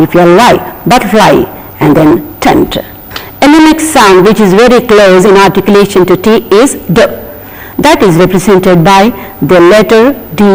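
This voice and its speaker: A teacher with a Telugu-influenced Indian English accent, speaking slowly and deliberately, repeating sample words and spelling them letter by letter in a televised pronunciation lesson. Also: medium pitch. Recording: long hall reverb.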